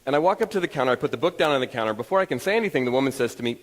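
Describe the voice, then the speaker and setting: A man giving a motivational talk to an audience, telling stories in an animated, self-deprecating way. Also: medium pitch, racing, hardly any pauses, long reverb tail, slight background noise, poor audio. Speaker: motivational speaker. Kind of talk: storytelling keynote talk to an audience.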